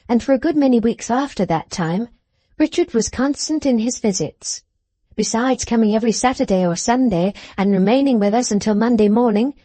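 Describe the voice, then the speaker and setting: A woman narrating a classic novel as an audiobook, in a measured, composed storytelling manner. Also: fairly high pitch, mellow, no echo.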